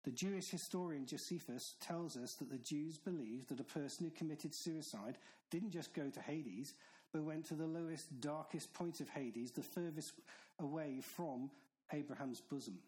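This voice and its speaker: A man delivering a sermon, his voice sitting a little high for a man. He preaches in an earnest, stern way and drives his points home through repetition. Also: moderate pace, a little mellow, low-quality recording. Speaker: pastor.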